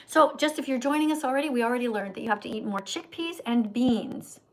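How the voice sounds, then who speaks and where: A woman with a fairly high voice hosts a livestream and answers viewers' questions. She lectures in a preachy, scolding way, like a teacher talking down to a class. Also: a little fast, poor audio. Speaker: vegan livestream host.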